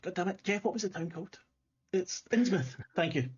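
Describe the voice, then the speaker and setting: Man narrating a tabletop game, husky voice, fairly high pitch, dull lo-fi sound. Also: expressive, brisk. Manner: swears freely, chatty and scattered. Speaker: game master. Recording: dull lo-fi online audio.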